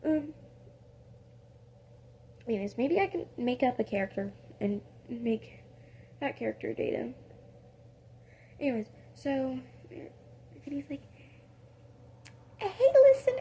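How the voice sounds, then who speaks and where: A woman's voice: a little high, measured pace, long pauses, mellow, slight background noise. A woman improvising a casual second-person story, rambling with many fillers and corrections of herself.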